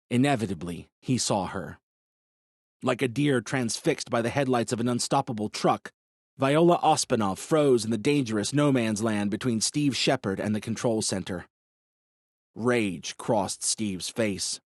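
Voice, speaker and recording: A male audiobook narrator reads in a measured, dramatic way at a mid pitch. He is recorded close on a studio mic. The sound is dry, with no room around it. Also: a little mellow, dry recording. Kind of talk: scripted narration.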